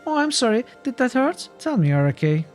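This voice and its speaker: A timid, kind-hearted young woman speaks in a high, fluttering voice, apologetic and unsure of herself, as a man puts her on. Faint music plays behind her. She sounds like a gentle companion in a fantasy role-playing game. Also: big pitch swings, fairly quick. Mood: shocked.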